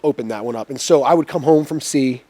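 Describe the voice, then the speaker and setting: A man in his forties telling a long, profane story as a podcast guest, energetic and swearing freely. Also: mid-range voice, fast, dry recording. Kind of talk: casual storytelling.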